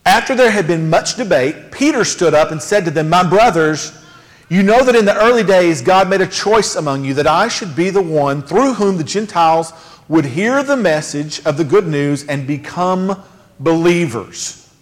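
A man's voice: high-pitched, lively intonation, normal speed. A male pastor preaching a sermon in a conversational, emphatic way, with casual asides. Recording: long hall reverb.

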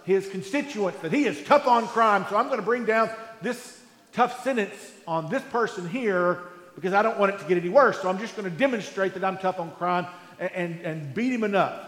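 A man's voice: high-pitched, brisk, a bit bright. Chatty pastor guy preaching, keeps asking does that make sense, big echoey church. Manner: conversational, rhetorical questions, frequent restarts. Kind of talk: sermon. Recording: echoey hall.

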